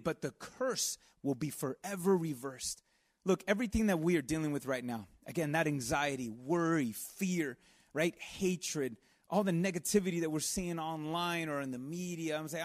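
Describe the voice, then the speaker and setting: A man with a high voice preaches in a relaxed, conversational way. He talks earnestly, repeats himself, and breaks into asides to the congregation. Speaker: pastor. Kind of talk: sermon.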